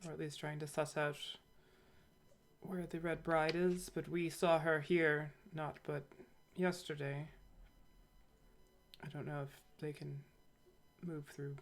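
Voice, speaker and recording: Soft-spoken player, lots of ums, hesitant casual game chat. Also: medium pitch, flat delivery, slow pace, long pauses, slight background noise.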